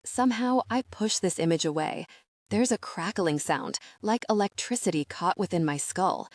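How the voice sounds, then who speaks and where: Female audiobook narrator, low voice, dry close sound, steady first-person read. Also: normal speed, dry recording.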